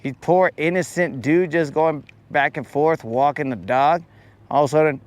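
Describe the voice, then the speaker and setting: Young man, fishing vlog host, playful slangy banter, slightly high voice. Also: normal speed, a little mellow, no room sound. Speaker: fishing vlogger. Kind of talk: casual commentary while fishing.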